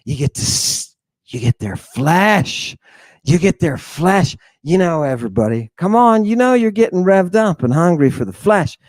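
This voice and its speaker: This talk-show host has a high, animated, slightly mellow male voice with no echo. He delivers theatrical commentary on scripture, calling out to his audience like a mocking preacher, firing off rhetorical questions and drawing out words for emphasis.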